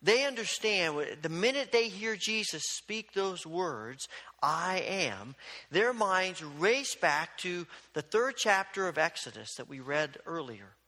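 High, bright-voiced preacher in a reverberant hall. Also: male voice, sing-song, takes it slowly. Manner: storytelling preacher who acts out quoted exchanges. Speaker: pastor. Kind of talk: sermon.

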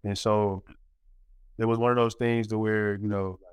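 A man in his forties spins a story with lots of fillers and sudden acted-out quotes. His voice sits low and comes through smooth and clear. The room is dry, with the mic close. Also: moderate pace, no echo. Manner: animated storyteller, many fillers, acts out quotes. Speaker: former college basketball player, guest. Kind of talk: casual storytelling interview.

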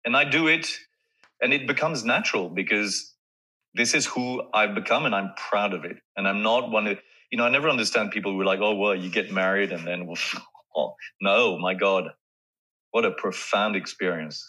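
A man being interviewed as an actor, talking in a casual, animated way and often laughing and restarting his sentences. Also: fairly low pitch, normal speed, slightly rough, poor audio. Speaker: actor guest.

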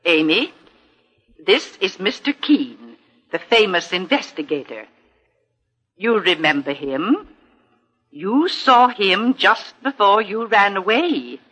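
An actress playing a firm, protective older sister in a 1950s radio drama. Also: female voice, mid-range voice, big pitch swings, takes it slowly, long pauses, a bit bright, exaggerated voice. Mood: coaxing. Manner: firm and scolding, then frantic over money.

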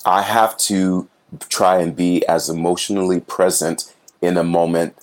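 Male stage actor guest, very low voice, earnest and reflective. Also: flat delivery, a little slow. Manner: earnest, reflective, acts out little voices when telling stories. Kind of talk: casual interview chat.

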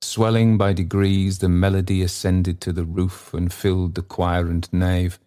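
Low slow-reading male narrator. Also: little pitch movement, dark tone. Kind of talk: audiobook reading.

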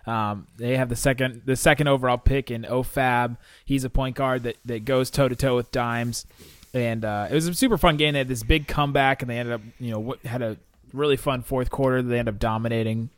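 A man's voice: medium pitch, fairly even intonation, a little fast, clear, resonant tone, no room sound. Man chatting on a dry podcast mic. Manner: chatty, laughs often, rambling asides. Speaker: podcast co-host. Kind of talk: casual sports podcast chat.

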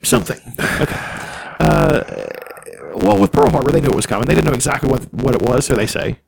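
A man with a heavily gravelly voice co-hosts a podcast, rambling through profane history tangents. He talks fast, with a lively, slightly high pitch. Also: rough recording. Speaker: podcast co-host. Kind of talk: casual crude banter.

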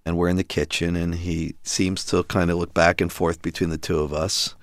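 Deep-voiced man telling a family story. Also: little pitch movement, normal speed, no echo. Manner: acts out quoted dialogue as he recounts events. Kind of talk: animated storytelling interview.

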